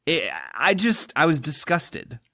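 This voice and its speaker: Male co-host, fairly high, animated and opinionated, dry sound. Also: measured pace, no room sound. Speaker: podcast co-host. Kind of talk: casual film discussion.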